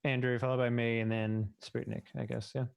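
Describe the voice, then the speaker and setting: A man's voice: mid-range voice, flat delivery, a little fast, vocal fry, smooth, highs cut off. A man chatting at a tabletop game, rambling and swearing casually between laughs. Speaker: player.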